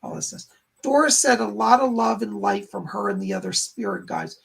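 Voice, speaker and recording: A man giving live-stream psychic readings, relaying what spirit guides say with a steady run of "he said" and "she said," and thanking viewers between readings. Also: high voice, normal speed, vocal fry, husky. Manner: thanks viewers warmly and reads their chat aloud. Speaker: psychic medium.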